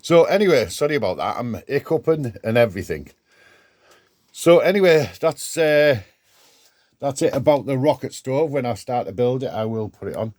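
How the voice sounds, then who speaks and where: A man's voice: mid-range voice, lively intonation, moderate pace, darkish tone, no echo. An older man vlogging from his garden shed workshop, rambling chattily with restarts as he talks to camera. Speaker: DIY vlogger. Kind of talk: casual vlog.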